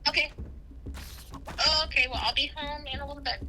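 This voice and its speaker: A woman's voice: sits high, steady tone, brisk, background noise. A young adult woman talking casually with her spouse, rambling and hesitant with many fillers. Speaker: streamer's spouse. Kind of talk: casual conversation.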